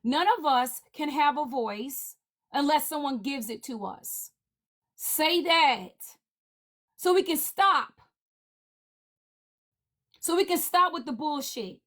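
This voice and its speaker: A woman with a high-pitched voice delivers a heated livestream rant. She hammers the same demands over and over in an indignant, forceful way. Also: lively intonation, slow, pauses often. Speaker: livestream panelist.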